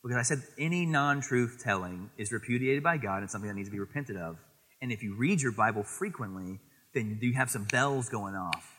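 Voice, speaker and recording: A man preaching a sermon as pastor, lively and animated, quoting scripture and acting out little voices in his stories. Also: medium pitch, fairly quick, long reverb tail. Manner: animated, acts out voices in anecdotes, quotes scripture.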